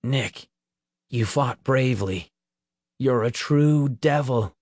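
A man's voice: medium pitch, slow, a little mellow, no room sound, clean studio sound. A man voicing a proud young leader who answers earnestly and defensively, in an audiobook.

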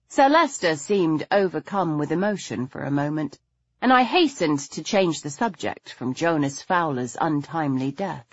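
A woman narrating an audiobook in a poised, even storytelling manner. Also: deep voice, moderate pace, slightly rough, dry recording, dull audio. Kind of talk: audiobook narration of a period mystery.

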